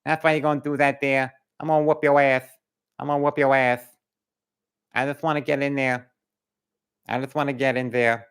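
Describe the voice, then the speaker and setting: A man's voice: mid-range voice, little pitch movement, moderate pace, long pauses, fairly bright tone, clean tone, close to an everyday voice. A man voicing a menacing male boxer who trash-talks an opponent with threats and taunts. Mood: taunting.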